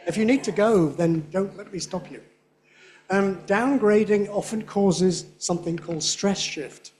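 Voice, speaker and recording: A man giving a lively conference lecture, often checking in with his audience. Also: sits high, a little slow. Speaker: linguistics lecturer.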